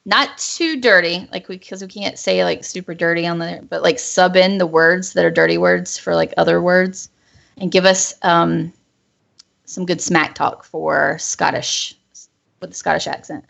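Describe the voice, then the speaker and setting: A woman's voice: fairly low pitch, steady tone, measured pace, vocal fry, a bit bright. A woman hosting a casual group livestream, chatty and rambling, often laughing between her words. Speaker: stream host. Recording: lo-fi voice call audio.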